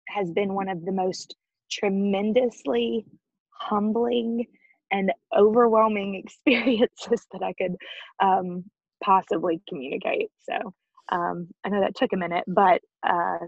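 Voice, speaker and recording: A woman in her thirties speaks with a husky edge, earnest and full of feeling as she tells her faith story. The recording is dry and a little dull, like a lo-fi home setup. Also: mid-range voice, steady tone, measured pace, no echo. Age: 30s. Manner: earnest and emotional, often laughing, near tears. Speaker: interview guest. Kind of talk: personal faith story in an interview.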